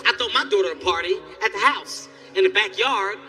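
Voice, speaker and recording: Male stand-up comic, high-pitched and sharp, animated delivery, miked on a stage some distance off. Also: fairly quick, soft background music. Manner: animated storytelling, acts out characters, yelling bits. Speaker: stand-up comedian. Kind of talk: stand-up comedy set. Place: theater stage before a live audience.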